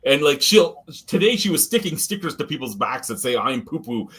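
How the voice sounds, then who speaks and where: Animated husky man telling work stories. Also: a little high, a little fast. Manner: animated storyteller, swears, laughs often. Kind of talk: casual podcast chat.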